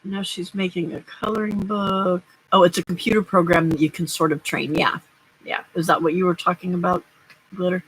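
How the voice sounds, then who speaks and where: A woman's voice: on the low side, little pitch movement, fairly quick, a bit bright, husky, low-quality recording. A middle-aged woman hosting a casual live stream, chatting and rambling as she crafts and answers viewers' comments. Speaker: livestream host.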